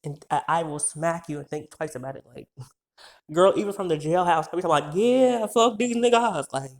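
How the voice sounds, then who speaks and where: Worked-up young man ranting profanely. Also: on the high side. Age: 20s. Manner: heated, profane, rapid-fire insults. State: worked up, stumbling over words. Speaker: vlogger telling a story. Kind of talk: storytime rant.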